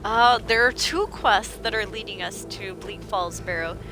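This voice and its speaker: A woman streaming a video game, chatting to viewers and excitedly shouting at characters. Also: mid-range voice, a little slow, over music. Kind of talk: live gameplay commentary.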